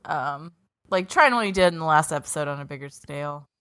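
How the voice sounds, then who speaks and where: With a deep yet fairly bright voice, this woman co-hosts an anime podcast, speaking briskly and with lots of animation. She recaps episodes casually, sarcastic and swearing as she voices the characters, on a dry, clean studio recording.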